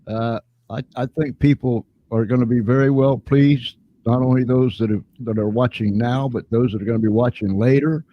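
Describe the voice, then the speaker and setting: A man's voice: mid-range voice, steady tone, normal speed, lo-fi sound, a little hiss or hum. A man in his seventies hosting a live chat show, easygoing and a little rambling. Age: 70s. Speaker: host.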